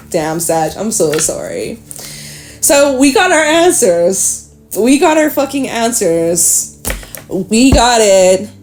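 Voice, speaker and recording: A woman giving a casual tarot reading, talking straight to the listener, chatty and swearing freely, animated at times. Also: a little high, takes it slowly, soft background music. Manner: animated, with sudden laughs and exclamations. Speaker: tarot reader.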